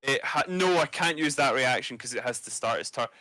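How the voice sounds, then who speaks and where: A man's voice: medium pitch, expressive, fairly quick, sharp tone, no echo. A man playing a tabletop game who thinks aloud hesitantly, with many fillers. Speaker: player.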